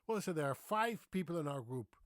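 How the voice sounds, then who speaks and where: A man's voice: a little high, fast, no room sound, clean studio sound. A man with a Dutch accent, hosting a casual explainer, telling stories and acting out quoted dialogue. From Netherlands. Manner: storytelling, acting out quoted dialogue with lively shifts. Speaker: English-language video host. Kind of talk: anecdotal explainer monologue.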